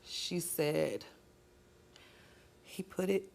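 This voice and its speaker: A young woman with a fairly low-pitched voice speaks as a talk show guest on a studio stage. She tells her story in an upset, urgent way and turns sharp and confrontational when she argues back. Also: extremely slow, creaky. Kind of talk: emotional personal account, then heated argument.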